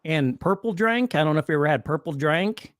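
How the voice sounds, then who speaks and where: Lively storytelling man, fairly high voice. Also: brisk, no room sound, studio quality. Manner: storytelling, laughs between lines. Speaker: co-host. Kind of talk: casual chat.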